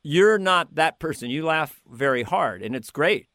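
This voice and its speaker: A male comedian chatting in an interview, lively and quick to slip into impressions. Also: fairly high pitch, no echo, clean studio sound. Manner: animated, slips into quick impressions and sings snatches. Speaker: comedian guest. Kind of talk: casual interview chat with impressions.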